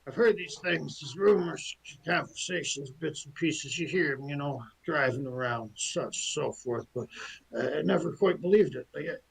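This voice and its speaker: A man voicing an uppity male cart horse who speaks in a lofty, measured, knowing way. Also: a little high, gravelly, slightly rough, poor audio. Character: haughty, well-informed male cart horse.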